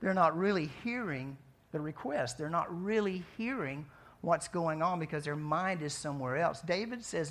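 A man preaching a sermon in a conversational way, asking his listeners questions and swinging between soft, quiet passages and emphatic outbursts. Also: on the high side, normal speed. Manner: conversational, asks the audience questions. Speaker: pastor.

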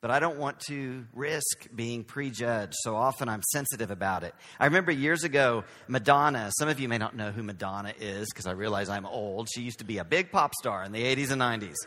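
A man's voice: medium pitch, brisk, hardly any pauses, sharp tone, in a large hall. A man from Texas with a light Southern accent, preaching a conversational sermon as pastor, with self-deprecating humor. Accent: Southern American.

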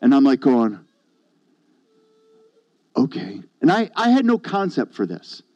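A man's voice: medium pitch, wildly swooping pitch, unhurried, warm tone, no echo, lo-fi sound. A man preaching a sermon, telling a personal testimony in a conversational storytelling way and acting out what others said to him. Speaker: pastor.

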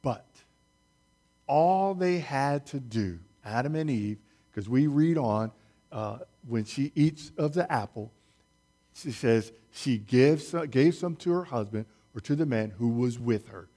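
A man preaching a sermon, speaking slowly and deliberately, stressing key words and putting questions to his listeners. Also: medium pitch, lively intonation, warm tone.

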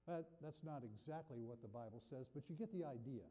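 A man's voice: mid-range voice, fast, hardly any pauses, mellow. A man preaching a sermon in a folksy, conversational way, often putting questions to his listeners. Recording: long reverb of a large hall.

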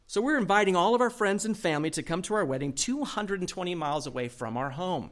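A man's voice: high voice, animated, quick pace, hardly any pauses, fairly bright tone. A middle-aged male pastor giving a sermon, telling a personal story with humor and acting out the people in it. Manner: humorous storytelling, acts out quoted voices.

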